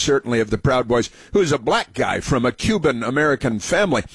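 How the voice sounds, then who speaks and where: A man's voice: medium pitch, breathy edge, no echo. A man hosting a call-in radio show, talking in a rambling, opinionated monologue full of fillers and repeated phrases. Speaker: radio talk show host.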